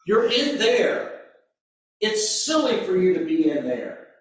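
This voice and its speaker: Male pastor, fairly high voice, slow sermon delivery, very echoey church room, mic set back. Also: very animated, distant mic. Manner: slow, deliberate preaching with sudden emphatic bursts.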